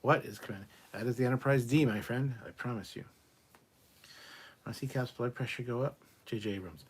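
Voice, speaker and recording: A man's voice: medium pitch, brisk, slightly rough. A man hosting a casual live stream, reading viewer questions aloud and answering them bluntly, with plenty of swearing and muttered asides.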